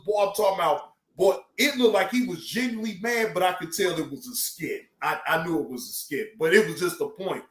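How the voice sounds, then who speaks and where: A man hosting a live stream, talking in a loose, animated and profane way with bursts of loud laughter. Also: high-pitched, a little fast, hardly any pauses, reverberant. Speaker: host. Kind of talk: casual live-stream chat.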